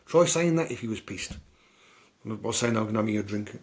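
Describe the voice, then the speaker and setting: There's a slight hiss or hum behind this podcast host, a British man with a fairly low, expressive voice who speaks fairly quickly. He chats casually about films, rambling through recaps and storytelling with lots of fillers.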